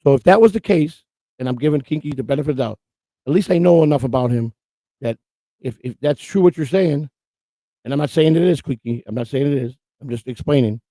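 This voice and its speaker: A man's voice: medium pitch, a little fast, warm tone, no room sound. A man co-hosting a streamed morning show, ranting in a profane, repetitive and emotional way. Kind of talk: heated livestream rant.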